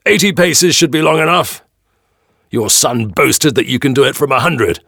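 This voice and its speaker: A man voicing a cruel, arrogant bailiff who shouts mocking orders in an audio storybook. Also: fairly high pitch, sing-song, normal speed, vocal fry, no echo, clean studio sound, pitched above the performer's own voice, exaggerated voice. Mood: commanding. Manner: shouting, taunting, commanding.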